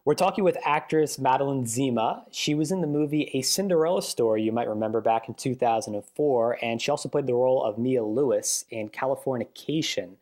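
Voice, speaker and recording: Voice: medium pitch, fairly quick, few pauses, darkish tone. A TV interviewer asking questions. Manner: brief, straightforward questions. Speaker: interviewer, TV host.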